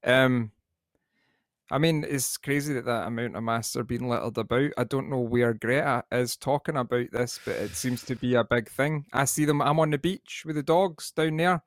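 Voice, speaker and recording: A man's voice: mid-range voice, normal speed, dry recording. Easygoing Scottish man with a dry, close sound. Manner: easygoing, musing, hesitant. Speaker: podcast co-host. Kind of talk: casual podcast chat.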